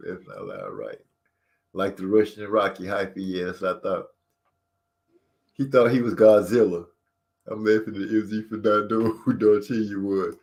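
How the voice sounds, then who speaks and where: A man hosting a casual live boxing chat at a home mic. He talks loosely and jokes at his own expense. He breaks off now and then to read viewer comments. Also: medium pitch. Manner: joking, self-deprecating, reads chat aloud. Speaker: channel host.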